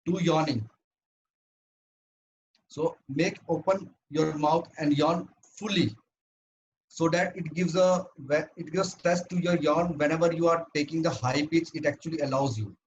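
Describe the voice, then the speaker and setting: A man's voice: a little high, steady tone, a little slow, dull audio. Man, club speaker, instructive and earnest delivery, faint noise in the background. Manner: earnest, instructive, paced in numbered steps. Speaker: club speaker giving a talk. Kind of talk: prepared talk on voice training.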